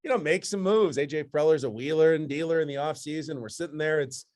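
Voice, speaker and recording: A man who hosts sports radio, telling a story energetically as a podcast guest. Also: fast. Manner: energetic storyteller, jumps up in pitch for emphasis. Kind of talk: casual conversation, storytelling.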